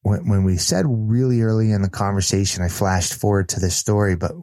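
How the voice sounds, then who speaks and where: Podcast guest, man with a lowish voice, earnest animated storyteller, dry close mic. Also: fairly quick, no room sound. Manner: earnest, animated retelling with restarts. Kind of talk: storytelling in casual conversation.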